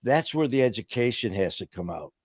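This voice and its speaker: A man's voice: mid-range voice, lively intonation, brisk, husky. A man hosting a casual talk show, telling stories in an impassioned, rambling way full of "you know" fillers. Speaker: host of a recovery talk stream.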